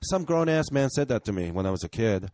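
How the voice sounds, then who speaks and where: A man's voice: mid-range voice, sing-song, quick pace, darkish tone, dry recording. Blunt man, dry sound. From Japan. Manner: earnest, blunt, swears freely. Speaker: guest comedian. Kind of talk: casual podcast chat.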